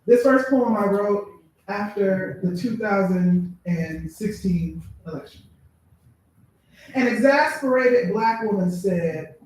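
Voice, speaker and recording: A woman poet reads her spoken-word verse in a measured, deliberate way, pausing between lines. She is heard from a distance, and her voice rings around a very echoey room at a live bookstore event. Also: mid-range voice. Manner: measured, deliberate delivery with pauses. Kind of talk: spoken-word poetry reading.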